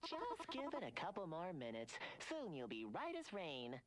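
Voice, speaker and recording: A woman's voice: low-pitched, huge pitch swings, moderate pace. A woman voicing a gloating young villain sidekick, a smug, teasing kid with a theatrical, mocking manner. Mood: smug taunting. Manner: mocking, theatrical, sing-song taunts.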